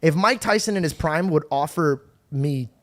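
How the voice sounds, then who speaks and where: A man's voice: fairly high pitch, moderate pace. A man, a comedian, in a casual podcast chat, telling stories with a loose, swearing manner and frequent "bro".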